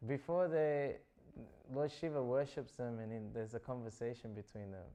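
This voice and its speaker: A man's voice: mid-range voice, steady tone, normal speed, warm tone. A man giving a scripture class, retelling stories in a loose, chatty way full of "like" and "you know". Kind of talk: casual storytelling talk.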